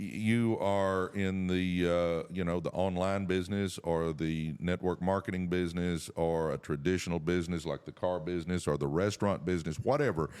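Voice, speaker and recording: A middle-aged man hosts a casual business podcast. His voice sits very low and deep, and he talks in a folksy, earnest, pep-talk way. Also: darkish tone. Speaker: podcast co-host.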